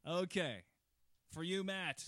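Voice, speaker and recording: Playful higher-voiced man hosting a quiz. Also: slow, a bit bright, a little hiss or hum. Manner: playful, teasing quizmaster. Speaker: podcast host running a quiz. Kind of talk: casual chat among friends.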